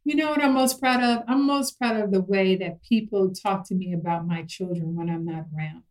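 Animated storytelling mother. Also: mid-range voice, brisk, poor audio. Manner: animated storyteller acting out her kids' voices. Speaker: guest parent. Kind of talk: casual chat about parenting.

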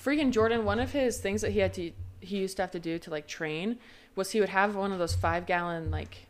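A young woman co-hosting a casual chat podcast, telling family stories in an animated way with plenty of fillers. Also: mid-range voice. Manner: animated storytelling, quick laughs, filler-heavy. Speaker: podcast co-host.

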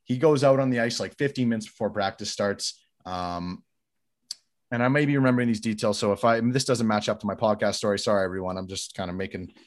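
A man telling a long story in casual podcast chat, getting loud and sweary as he relives his anger. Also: lowish voice, quick pace. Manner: animated, swears freely, gets louder recounting anger.

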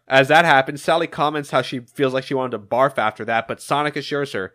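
A man in a casual podcast recaps a comic story in a loose, chatty way, adding small asides as he goes. His voice is mid-pitched and notably bright. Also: brisk, hardly any pauses, dry recording, studio quality. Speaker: podcast co-host.

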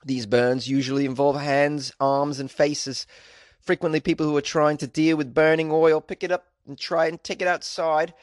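A man reading out a quote in a deliberately bad Australian accent, as an earnest female burns doctor. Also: fairly high pitch, flat delivery, no room sound, clean studio sound, close to an everyday voice. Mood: earnest warning. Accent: mock Australian, badly done.

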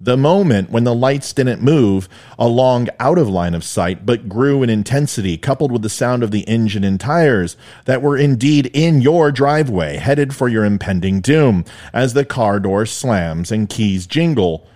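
A man's voice: medium pitch, expressive, a little slow, few pauses, a little mellow. Middle-aged male podcast host with a mid-range voice and a wry, joking monologue style. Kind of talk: solo monologue with storytelling.

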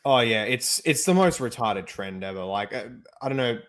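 A man's voice: medium pitch, animated, normal speed, a loud crowd. A man giving his views emphatically in a casual group discussion. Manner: opinionated, emphatic.

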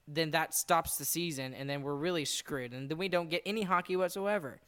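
A man's voice: fairly high pitch, fairly quick, few pauses, a bit bright, clear, resonant tone. A man hosting a casual sports podcast, rambling and exasperated, laughing now and then as he talks. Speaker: podcast host. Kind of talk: casual chat.

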